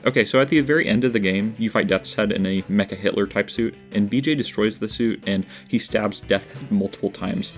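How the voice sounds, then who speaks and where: A man with a fairly low voice narrates a scripted game review in an earnest, candid way, tossing in dry asides. Soft guitar music plays faintly underneath. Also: brisk, hardly any pauses. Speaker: video essay host.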